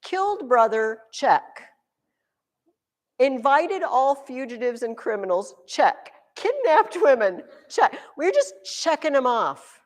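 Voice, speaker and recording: A woman teacher giving a classroom history lesson, telling the story in an animated, joking way. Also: sits high, slow pace. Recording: echoey room with long reverb.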